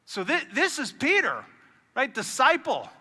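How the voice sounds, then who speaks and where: A man preaching a sermon as pastor, telling the story in an animated way and acting out the lines he quotes. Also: very high-pitched, a little slow, husky, in a large hall. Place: church auditorium.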